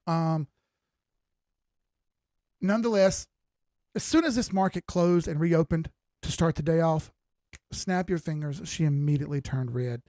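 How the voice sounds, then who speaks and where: A man's voice: fairly high pitch, unhurried, pauses often, darkish tone, dry recording, clean studio sound. A tired man giving casual live-stream commentary on crypto charts, talking in a loose, folksy way and often repeating himself. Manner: conversational, repeats phrases, folksy slang. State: tired, yawning.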